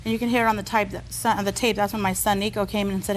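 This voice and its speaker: Fast-talking woman litigant, apologetic. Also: mid-range voice, level tone, a little hiss or hum, poor audio. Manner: rushed, apologetic explaining. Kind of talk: courtroom testimony.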